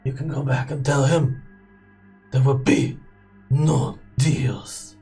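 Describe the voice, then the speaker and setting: A merciless male warlord, driven by vengeance, hands out cold, menacing threats, as a man puts him on in a tabletop game. His delivery is slow and deliberate, and he sits a little back from the mic. Soft music plays underneath. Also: mid-range voice, fairly even intonation.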